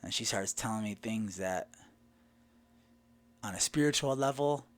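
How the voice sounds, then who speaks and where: Animated man telling a story. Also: lowish voice, measured pace. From Southern United States. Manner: animated, retells dialogue with "I go" and "she goes". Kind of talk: personal anecdote storytelling.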